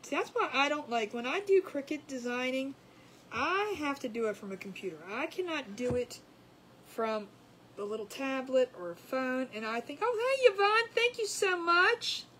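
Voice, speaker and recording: A woman's voice: high voice, lively intonation, normal speed, slight background noise, rough recording. A woman hosting a casual craft livestream, rambling and chatty as she greets viewers by name. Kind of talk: casual live-stream chat.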